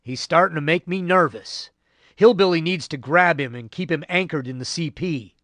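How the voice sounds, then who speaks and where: A man's voice: a little high, normal speed, fairly bright tone, no room sound, close to an everyday voice. A man reading an audiobook, voicing a young Marine who grumbles in a drawl. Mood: grumbling.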